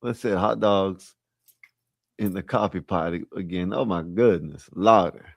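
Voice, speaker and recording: Low gravelly laid-back man. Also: no echo, studio quality. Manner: laid-back, joking, halting. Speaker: stream co-host. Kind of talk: casual banter.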